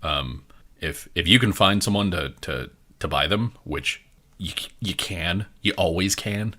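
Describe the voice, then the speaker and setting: A man runs a tabletop game as game master and narrates the scene in a loose, rambling way. His voice sits very low but has a bright edge. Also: unhurried. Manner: rambling, with many fillers and restarts.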